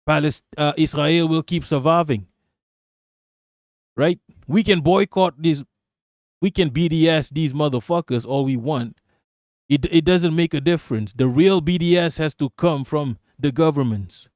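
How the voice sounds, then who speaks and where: A man's voice: fairly high pitch, measured pace, a little mellow, no echo, clean studio sound. A man hosting a casual livestream, talking in a profane, rambling way and laughing often. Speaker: streamer host.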